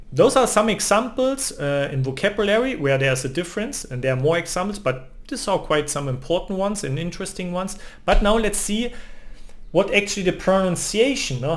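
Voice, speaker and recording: A man with a German accent explains a language lesson in English. His voice sits a little higher than usual for a man, and he keeps tagging his sentences with a questioning "no?". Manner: ends phrases with a questioning "no?". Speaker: language teacher.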